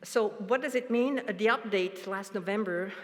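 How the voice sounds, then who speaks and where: A woman giving a conference presentation, speaking haltingly with frequent restarts. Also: medium pitch. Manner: halting, restarts, light laughs. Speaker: panel presenter. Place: large conference hall. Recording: long hall reverb.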